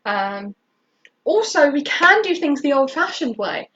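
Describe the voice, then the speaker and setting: A woman's voice: sits high, sing-song, a little slow, fairly bright tone, slight background noise. A British woman hosting a casual live baking tutorial from her home kitchen, rambling with many fillers and restarts. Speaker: baking stream host. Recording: dull lo-fi stream audio.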